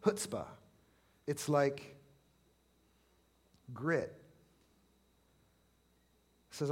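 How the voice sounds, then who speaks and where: A middle-aged man preaching a sermon, impassioned, swelling to loud pleading when he acts out prayers. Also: fairly high pitch, slow, long pauses.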